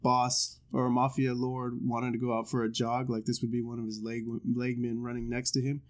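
A man of middle pitch talks through a video he is watching with a friend. His delivery is loose and conversational, peppered with swearing and quick laughs. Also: monotone. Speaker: reaction video host. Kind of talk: casual reaction commentary.

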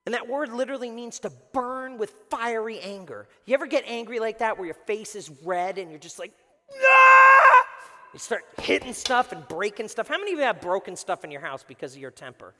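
Guy preaching in a church, gets loud then real quiet, acts stuff out, bright tone, big echoey room. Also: sits high, fairly quick, few pauses. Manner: animated, swings from shouting to hushed, acts out quotes. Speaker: pastor. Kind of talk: sermon. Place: church sanctuary before a congregation. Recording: echoey hall reverb.

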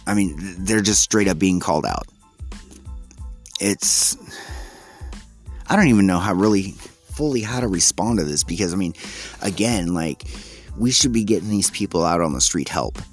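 Deep-voiced exasperated male podcaster. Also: soft background music. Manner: halting and exasperated, frequent restarts. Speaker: podcast host. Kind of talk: solo opinion podcast, reading news and commenting.

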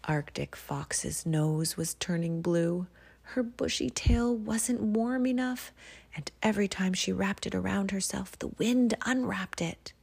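Slow, husky woman reading a storybook. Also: mid-range voice. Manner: slow, hushed, often whispered. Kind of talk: soft-spoken storybook reading.

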